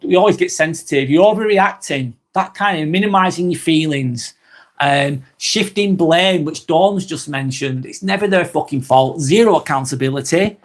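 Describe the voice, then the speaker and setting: A man's voice: fairly high pitch, moderate pace. A man hosting a live vlog, talking bluntly and expressively, swearing freely and reading out chat comments.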